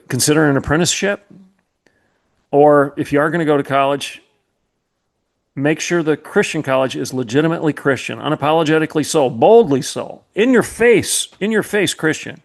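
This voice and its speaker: A medium-pitched voice with vocal fry belongs to a middle-aged man who hosts a podcast and previously served as a college president. His commentary is fervent and preacherly, hammering points through emphatic repetition.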